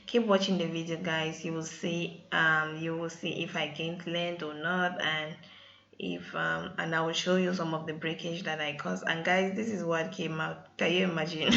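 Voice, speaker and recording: A woman's voice: deep voice, level tone, measured pace, gravelly, sharp tone, highs cut off. A woman with talking casually over her hair-care vlog, often addressing viewers as "guys". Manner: chatty, keeps saying "guys". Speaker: hair vlogger.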